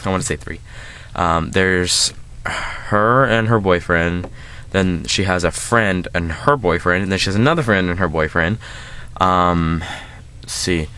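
A man's voice: low voice, unhurried, sharp tone, clean tone. A man hosting a casual movie review, rambling with lots of filler words and restarts.

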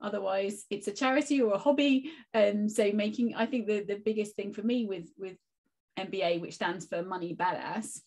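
A woman's voice: mid-range voice, normal speed, a little mellow. A woman, a guest teacher and author, speaking in a casual conversational interview and giving reflective, encouraging advice.

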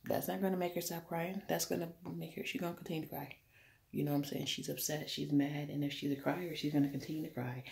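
Woman with a heavy gravelly voice. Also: sits low, fairly even intonation, quick pace, darkish tone. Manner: blunt and profane, emphatic repetition. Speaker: vlogger. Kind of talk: casual to-camera rant.

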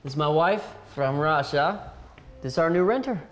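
An actor playing a goofy young rapper. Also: male voice, fairly high pitch, animated, moderate pace, lightly acted. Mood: boastful. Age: young adult. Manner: laid-back slang, boastful, chatty. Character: goofy young American rapper, boastful and friendly. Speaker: rapper, landlord.

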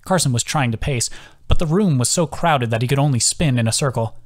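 A man's voice: mid-range voice, brisk. A man, the author, reading his own fantasy novel as scripted audiobook narration. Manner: steady storytelling.

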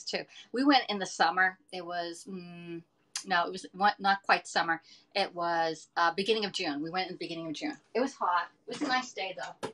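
Woman, middle-aged, somewhat low voice, chatty and rambling, casual live-stream talk, home kitchen. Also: moderate pace, sharp tone. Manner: rambling and chatty, addressing viewers as y'all.

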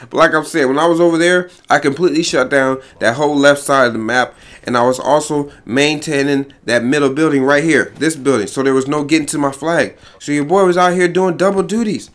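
Male gaming host, slightly high voice, brash slang-heavy play-by-play, quick to laugh. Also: a bit bright. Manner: boastful, hype, slang-heavy, laughs often. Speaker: gaming YouTuber. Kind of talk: energetic gameplay commentary. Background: faint background music.

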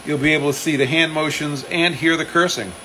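A fairly high-voiced man talks easily and casually as he demonstrates shop work. He chats, reads out viewer comments and cracks small jokes at his own expense. A faint machinery hum sits under his voice on the stream. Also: fairly even intonation, fairly quick, pushed and bright, low-quality recording. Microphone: phone live stream.

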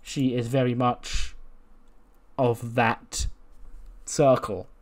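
A man's voice: mid-range voice, flat delivery, drawn-out words. A man casually narrating and commenting on his wrestling management game. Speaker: let's-play host.

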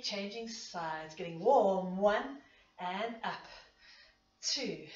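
A woman leading a pilates class, counting reps and a bit out of breath as she exercises along. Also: mid-range voice. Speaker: pilates instructor. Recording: echoey room, distant dull mic.

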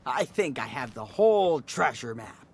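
An actor voicing a relaxed, slangy teenage older brother in a story video game. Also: male voice, medium pitch, normal speed, vocal fry, crowd noise. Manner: easygoing, slangy.

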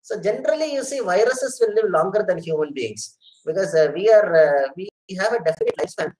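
A man's voice: high-pitched, darkish tone, poor audio. Guy, middle-aged, teaching an online class, earnest, keeps saying sir and madam. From India. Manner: earnest, repeats phrases, addresses listeners as sir and madam. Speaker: lecturer. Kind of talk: online lecture with audience questions.

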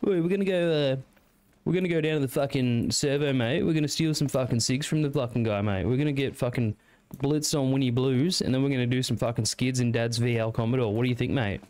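A man's voice: medium pitch, fast, a little mellow, dry recording, close to an everyday voice. A man voicing a rowdy young bloke from a country town, with a broad rural Victorian Australian accent, swearing and calling everyone mate. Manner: swears constantly, ends lines with "mate".

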